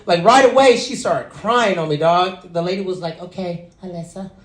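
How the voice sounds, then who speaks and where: A man's voice: high-pitched, moderate pace. A man performing a stand-up comedy set, telling a story and acting out the people in it. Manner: animated storytelling, acts out characters. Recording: echoey venue with audience laughter. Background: audience laughter.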